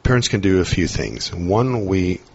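A low-pitched man with a husky edge talks through his ideas in an earnest, reflective podcast chat. The audio is dull and lo-fi, and he speaks in long, explaining stretches. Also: lively intonation, normal speed. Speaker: podcast guest, parent.

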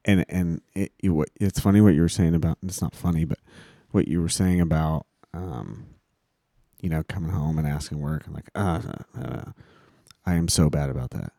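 Very deep-voiced laid-back man. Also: normal speed, mellow, no room sound, clean studio sound. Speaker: podcast co-host. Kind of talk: casual faith talk.

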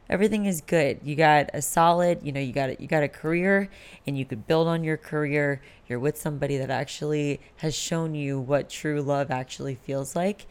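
A woman's voice: low-pitched, moderate pace, smooth. A woman in her late twenties hosting a candid, rambling late-night solo podcast, swearing freely. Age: late 20s. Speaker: podcast host.

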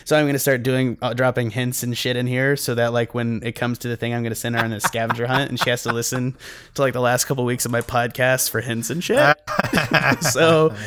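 A man's voice: medium pitch, steady tone, fairly quick, fairly bright tone, clear, resonant tone. A young man hosting a podcast, chatting casually, ranting and swearing with plenty of laughter. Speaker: podcast host.

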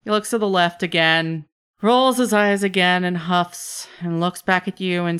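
Woman game master, smooth voice, brisk narration. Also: lowish voice, steady tone, fairly bright tone.

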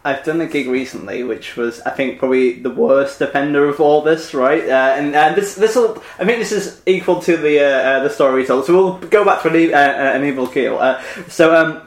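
A man's voice: fairly high pitch, brisk, hardly any pauses. A man, a stand-up comedian, telling a rambling anecdote in casual chat with many fillers. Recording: roomy echo.

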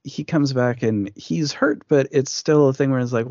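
A man's voice: mid-range voice, moderate pace, a little mellow, no room sound. A man co-hosting a podcast, chatting casually and explaining things in detail. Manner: knowledgeable, explaining. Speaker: podcast co-host. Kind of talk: casual chat. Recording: muffled lo-fi podcast audio.

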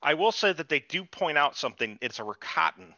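A man's voice: on the high side, animated, fairly quick, creaky, bright, forceful tone, dry recording. A man hosting a podcast, ranting about a show in casual, profane chat. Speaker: podcast host. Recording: dull lo-fi recording.

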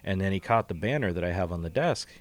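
A man's voice: low-pitched, animated, quick pace. A man co-hosting a podcast in casual, rambling chat, swearing and laughing easily. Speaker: podcast co-host. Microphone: call recording.

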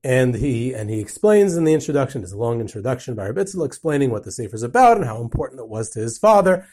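A man's voice: medium pitch, sing-song, quick pace, warm tone. A man giving an unscripted lecture on a religious book, explaining in a thoughtful way with frequent restarts and repeated words. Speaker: Torah lecturer.

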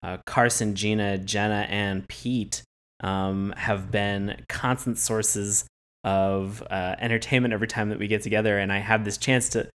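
A man's voice: on the low side, little pitch movement, measured pace, fairly bright tone, clean tone. A man co-hosting a podcast, chatting casually in a playful, effusive, slightly theatrical way. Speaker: podcast co-host.

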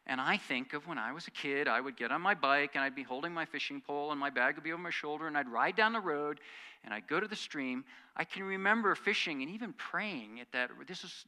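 Bright-voiced man preaching a sermon. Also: on the high side. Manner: earnest preaching that swings from loud emphasis to quiet asides. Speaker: pastor.

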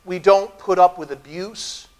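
A man's voice: high voice, measured pace. A middle-aged man preaching a sermon as pastor of his church, telling stories and talking back and forth with the congregation. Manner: lively storytelling with audience asides. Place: church sanctuary.

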